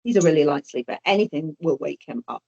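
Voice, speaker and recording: A woman's voice: deep voice, lively intonation, quick pace, creaky, warm tone. A woman telling a personal story as an interview guest, hesitant and often repeating or restarting her words. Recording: dull lo-fi audio.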